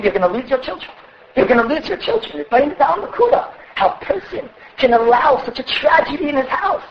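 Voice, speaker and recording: A woman giving a religious Torah class, speaking with passion, often rising to a shout and acting out the conversations she quotes. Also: high-pitched, echoey room, dull audio, slight background noise. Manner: impassioned, often raising her voice to a shout. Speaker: religious teacher.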